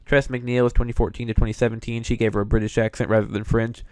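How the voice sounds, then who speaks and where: A man's voice: mid-range voice, level tone, rapid-fire, a little mellow, dry recording. A young man hosting casual commentary, an opinionated, chatty fan. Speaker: show host reviewing voice actors.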